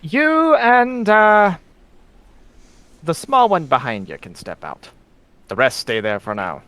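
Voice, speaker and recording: A sly, blunt berserker leader , put on by a man running the game, who teases and probes with a lively, swooping voice. She speaks with suspicion and gives short commands. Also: on the high side, takes it slowly, clear, resonant tone, dry recording, voice pushed up, full character voice. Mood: commanding. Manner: teasing, suspicious.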